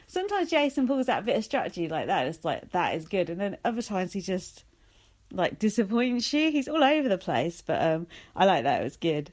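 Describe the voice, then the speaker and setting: A woman's voice: medium pitch, very animated, fairly quick, darkish tone. A young woman vlogging a casual recap, sarcastic and sweary, full of "like" and "um". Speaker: vlogger recapping a reality show.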